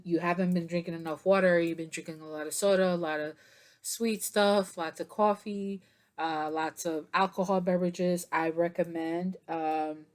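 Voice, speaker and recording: Tired, chatty woman reading tarot. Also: fairly low pitch. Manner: chatty and meandering, many fillers, breaks into soft singing. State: tired, yawning. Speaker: tarot reader. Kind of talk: casual tarot reading to camera.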